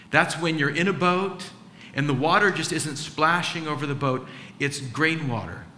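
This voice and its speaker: A man preaches a sermon in a bright, forceful voice, acting out the people in his story. His speech rings through a large echoing hall with a long reverb tail. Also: fairly high pitch, a little hiss or hum. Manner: animated preaching, acts out the disciples' voices. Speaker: pastor. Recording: echoey hall.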